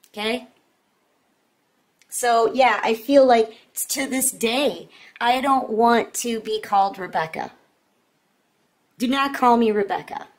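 Woman tarot reader, a bit high-voiced, earnest and chatty, keeps addressing the viewer directly. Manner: earnest, repetitive, talks straight to the viewer. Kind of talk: casual tarot reading to viewers.

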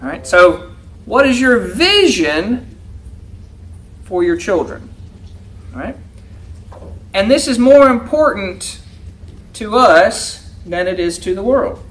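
High-voiced man teaching a Bible class. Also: very animated, takes it slowly, long pauses, a bit bright. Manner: asks the class questions, reads verses aloud. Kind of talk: interactive Bible lesson.

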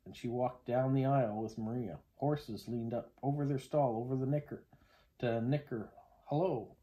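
A man reads a children's chapter book aloud the way a parent would at home. His voice is mellow and soft at an ordinary middle pitch. He tells the story gently and expressively. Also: low-quality recording.

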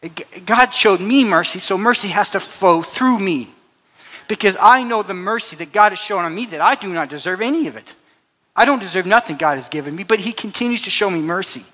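A man preaching in a church, his bright, forceful voice set a little high. He talks earnestly, restarting and repeating phrases as he tells a story. The sound rings with a long hall reverb. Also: animated, fairly quick. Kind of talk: sermon with personal story.

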